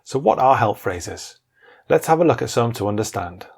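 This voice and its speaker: A man teaching a scripted beginners' lesson. His voice is gravelly and somewhat husky. He repeats each phrase slowly so learners can follow. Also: mid-range voice, expressive. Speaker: language teacher.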